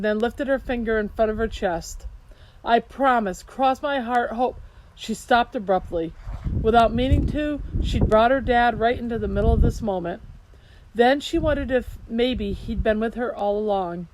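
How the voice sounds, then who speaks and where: A woman's voice: a little high, moderate pace. Woman narrating a story over hiss. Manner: steady storytelling. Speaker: audiobook narrator. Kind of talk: scripted narration. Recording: hiss behind voice.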